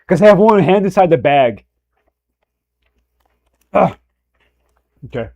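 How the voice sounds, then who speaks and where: Loose, profane young streamer, slightly higher voice. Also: male voice, animated, slow pace, dark tone. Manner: loose and profane, joking, reacting to chat. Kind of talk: casual livestream chat.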